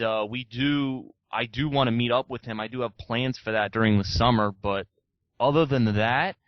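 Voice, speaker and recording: A young man rambles frankly through a casual podcast interview, dropping the odd curse along the way. His voice sits at a middle pitch. It comes through dull and muffled, with no room sound around it. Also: no echo. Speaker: guest YouTuber.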